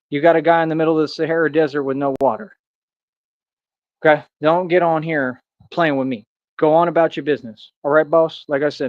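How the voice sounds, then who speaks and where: A man's voice: a little high, dry recording, muffled recording. A man ranting to his live chat in a boastful, preachy and confrontational way. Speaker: streamer. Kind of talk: live-stream rant to chat.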